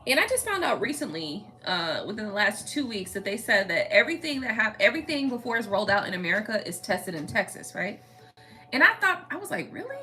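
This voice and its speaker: Bright-voiced chatty woman tarot reader. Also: mid-range voice, big pitch swings, a little fast, faint music behind. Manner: rambling and chatty, talks straight to viewers, restarts often. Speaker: tarot reader and channel host. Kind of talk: casual chat with viewers.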